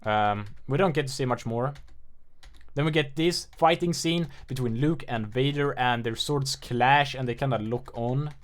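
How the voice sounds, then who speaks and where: A man's voice: mid-range voice, unhurried. A man giving loose, offhand commentary on a game trailer, rambling with lots of filler words and self-mocking asides. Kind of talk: casual video commentary.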